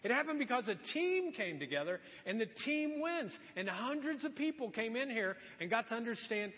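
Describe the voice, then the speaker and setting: High-voiced preaching man in a hall. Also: brisk, hardly any pauses. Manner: animated, conversational preaching with acted-out quotes. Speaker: pastor. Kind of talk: sermon. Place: church sanctuary. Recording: muffled sound with long hall reverb.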